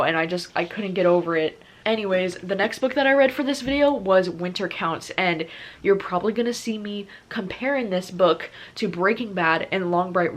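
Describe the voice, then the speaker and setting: A young woman vlogging about books in a relaxed, chatty way, gushing about what she loves. Her voice is soft and breathy, her pitch sits in an ordinary middle range, and she keeps dropping "like" and "you know" between her thoughts. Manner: gushing, filler-heavy with lots of "like". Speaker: book vlogger. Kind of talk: casual vlog chat.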